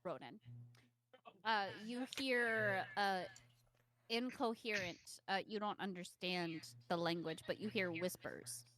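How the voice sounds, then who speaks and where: A woman narrating a tabletop game as game master, pausing often with filler sounds. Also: mid-range voice, fairly bright tone. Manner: hesitant, with many filler sounds.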